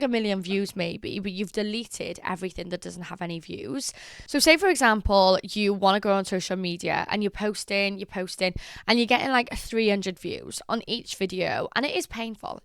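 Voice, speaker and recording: A young woman giving chatty, animated social media advice in a casual vlog. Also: mid-range voice, smooth, dry recording, studio quality. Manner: chatty and animated, acts out quotes.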